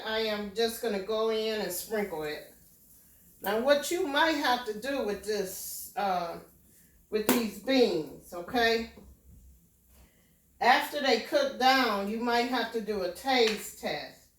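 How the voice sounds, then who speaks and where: A woman with a slightly high voice talks very slowly and patiently as she cooks at home, pausing to check in with a homey "okay?" between steps. The sound echoes around the kitchen, and she stands a little way back from the mic. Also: recorded from a distance. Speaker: home cook. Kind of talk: casual cooking demonstration.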